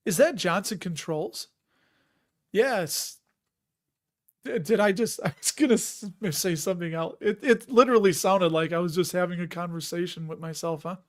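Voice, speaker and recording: A man's voice: high-pitched, fairly even intonation, a little fast, hardly any pauses. A man with a Chicago accent hosting a casual live stream, rambling and chatty and often laughing as he reads out viewer comments.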